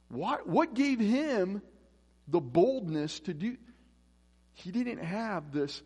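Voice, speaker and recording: In an echoey church hall, a pastor preaches a casual, conversational sermon, acting out the voices in his stories. His voice is high and sing-song, a little slow, a little mellow, and slightly rough.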